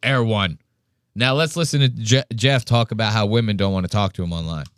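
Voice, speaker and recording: A man's voice: on the low side, fast, smooth, no echo, studio quality. A man hosting a podcast in casual chat, swearing often and mimicking people as he tells stories. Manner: profane, animated, mimics people mid-story. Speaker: podcast host.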